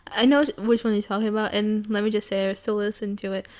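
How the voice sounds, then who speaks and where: A young woman co-hosts a podcast in a relaxed chat. She wanders through her thoughts with plenty of fillers and restarts, hesitant but easygoing. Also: mid-range voice, quick pace. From Brazil. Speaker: podcast co-host. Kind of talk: casual chat.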